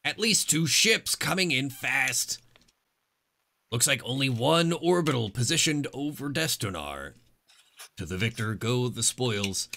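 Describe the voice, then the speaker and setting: A man doing a flat robotic tech-priestess. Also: medium pitch, measured pace, creaky, full character voice. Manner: flat robotic reading of data. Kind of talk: tabletop game character voice.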